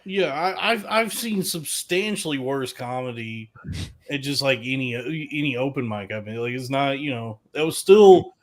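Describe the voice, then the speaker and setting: A man's voice: medium pitch, expressive, moderate pace. A man co-hosting a podcast, explaining at length in casual chat. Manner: long-winded, explaining. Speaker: podcast co-host.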